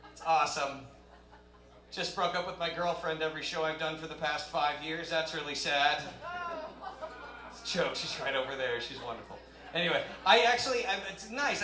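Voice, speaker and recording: High, bright-voiced stand-up comedian. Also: male voice. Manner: rambling, self-deprecating, loose. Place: live comedy club stage. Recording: roomy live club sound.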